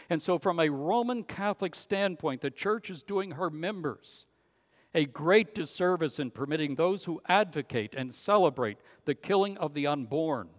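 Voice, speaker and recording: Male preacher, fairly high voice, emphatic delivery that drops to a hush; long hall reverb. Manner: emphatic, swings from loud to hushed. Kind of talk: sermon.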